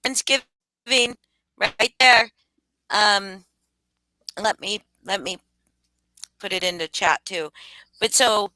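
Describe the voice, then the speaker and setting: Bright, dry-sounding woman, casual stream host, swears freely. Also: mid-range voice, clean tone, dry recording, rough recording. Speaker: livestream host. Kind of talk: casual livestream chat.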